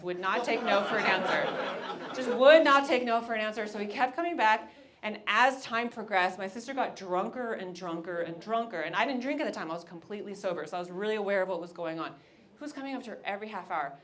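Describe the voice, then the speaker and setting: A woman in her thirties performing a stand-up comedy set, telling a story with lively acted-out voices. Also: mid-range voice. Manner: animated storytelling, acts out characters.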